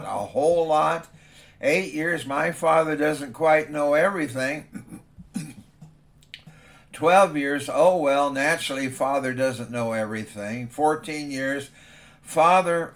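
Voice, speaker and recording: A man, a father himself, preaching a sermon in a conversational storytelling manner. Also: fairly high pitch.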